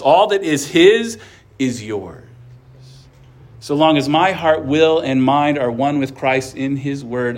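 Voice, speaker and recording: A male pastor preaching an earnest sermon, with light asides of humor. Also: sits high.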